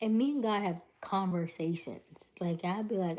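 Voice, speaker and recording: A middle-aged woman hosts a laid-back livestream from home, speaking into a webcam mic. Her voice sits low and warm, and she stays animated as she tells stories and plays out dialogues. Between stories she reads the chat aloud. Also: normal speed, a little hiss or hum. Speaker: livestream host.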